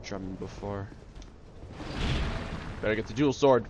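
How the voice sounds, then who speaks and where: A man casually commenting on his own gameplay in an excitable way, talking to the enemies and breaking into sudden outbursts. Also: lowish voice, measured pace, pauses often, muffled recording, slight background noise. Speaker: let's play host.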